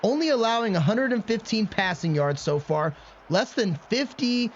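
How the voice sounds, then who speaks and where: Excitable high-voiced man, muffled audio. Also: moderate pace. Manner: excitable, swings into frustrated self-mocking rants. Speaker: gaming channel host. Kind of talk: video game let's-play commentary. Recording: muffled lo-fi audio with faint background noise.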